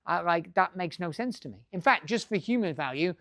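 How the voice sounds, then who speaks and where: A man's voice: high-pitched, animated, fairly quick, creaky, fairly bright tone, no room sound. Guy doing a business talk to a room, blunt and sweary, dry close mic. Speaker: business speaker. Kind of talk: live talk to an audience. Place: room with a live audience.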